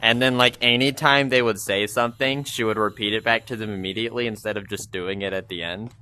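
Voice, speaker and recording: A man's voice: lowish voice, fairly even intonation, brisk, sharp tone, clean tone. A young man rambling and complaining about his job in a casual gaming vlog, full of fillers, speaking into a VR headset mic. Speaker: gaming vlogger.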